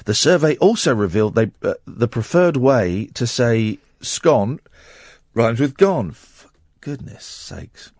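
Male radio host, sarcastic ranter, lively swooping pitch, dry close mic. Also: slow, no echo. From Britain. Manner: ranting, sarcastic, exasperated outbursts. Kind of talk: casual radio chat.

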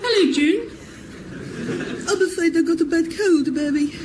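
A man's voice: very high voice, very animated, normal speed. A man voicing a prim housewife with a blocked-up cold, with a plummy, exaggerated sketch delivery. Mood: stuffy, chatty. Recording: noisy vintage radio recording.

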